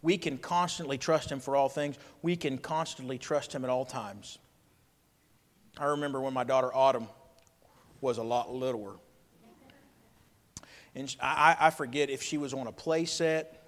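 A man, a pastor preaching a sermon with emphatic swings between loud and quiet. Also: mid-range voice, fairly even intonation, normal speed, pauses often. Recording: long reverb of a hall.

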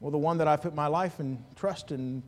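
A man preaching in a church sanctuary, his voice sitting a little high for a man. He swings from loud, animated stretches to hushed ones and drops in chuckling asides. A long reverb trails every phrase. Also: fairly quick. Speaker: pastor. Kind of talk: sermon.

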